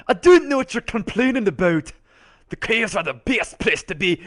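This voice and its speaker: A man's voice: high-pitched, animated, a little fast, fairly bright tone, slight background noise. A man as host, making amused, teasing asides during casual gaming commentary.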